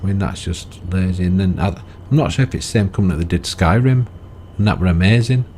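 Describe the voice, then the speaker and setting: Deep-voiced rambling man. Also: brisk, a little mellow, slight background noise. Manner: rambling, chatty, full of tag questions. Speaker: gaming video creator. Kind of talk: casual gameplay commentary.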